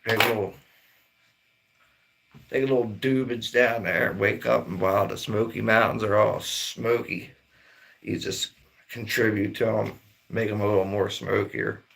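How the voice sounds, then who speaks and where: Middle-aged livestream host from Maryland, low gravelly voice, rambling and swearing. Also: male voice, steady tone, unhurried, pauses often, a bit bright. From Maryland, near Baltimore. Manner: rambling, laid-back, swears a lot. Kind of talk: casual livestream chat.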